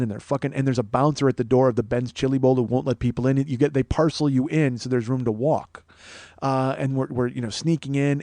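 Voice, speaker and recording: A comedian and podcast host in his forties tells a profane story in a casual monologue, acting out the quoted dialogue. His mid-range voice has a darkish tone, and there is no room sound.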